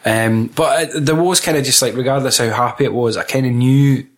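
A man's voice: mid-range voice, fairly quick. A man with a Scottish accent, co-hosting a casual film chat, swearing freely and laughing often. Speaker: podcast co-host.

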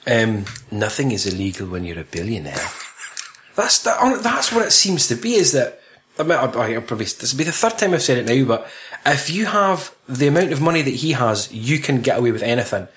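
A man's voice: mid-range voice, sing-song, a little fast, fairly bright tone. A young man co-hosting a podcast, chatting crudely about a film with lots of swearing and laughter. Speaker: podcast co-host. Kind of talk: casual film review chat.

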